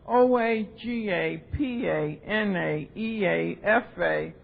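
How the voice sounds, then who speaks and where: Gravelly older woman telling her story. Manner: animated storyteller acting out voices. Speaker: AA speaker. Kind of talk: recovery talk at a convention. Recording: dull lo-fi tape with faint rumble.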